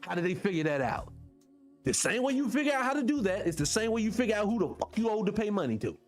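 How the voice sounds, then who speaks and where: A man's voice: sits high, sing-song, fast, faint music behind. A man hosting a live online show, fired up and profane as he talks straight to his viewers. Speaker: show host. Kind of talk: livestream commentary rant.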